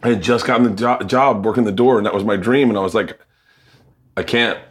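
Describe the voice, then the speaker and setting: A middle-aged man telling comedy-club stories in casual chat, animated, acting out quoted voices and laughing often. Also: lowish voice, brisk.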